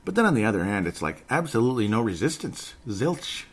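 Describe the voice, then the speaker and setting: A man's voice: on the low side, very animated, brisk. A man in his forties hosting a basketball show, ranting sarcastically about a game in casual commentary. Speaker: basketball podcast host.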